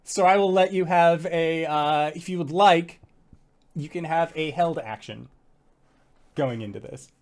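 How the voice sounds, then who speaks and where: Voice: mid-range voice, a little slow, darkish tone. A game master narrating a tabletop game in vivid, casual detail, peppered with "like" and the odd swear.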